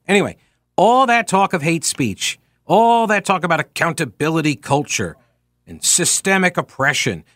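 A man's voice: on the high side, fairly bright tone, no echo, clean studio sound. A man hosting talk radio, talking casually and reading quoted passages with sarcastic asides.

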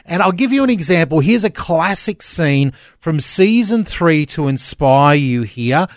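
Chatty radio host, dry studio sound. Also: male voice, a little high, animated, no room sound. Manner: chatty, joking, quick to laugh. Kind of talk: upbeat radio banter. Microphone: studio microphone.

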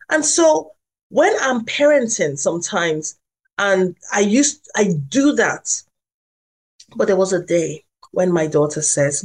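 A woman who is a family doctor and parenting coach, speaking reflectively in a podcast and telling a personal story with pauses. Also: medium pitch, big pitch swings.

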